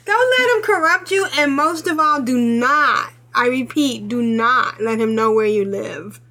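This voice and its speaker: Woman podcast host, high pitched, giggly and talkative. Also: lively intonation, a little slow, sharp tone. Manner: chatty, laughs often. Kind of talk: casual chat.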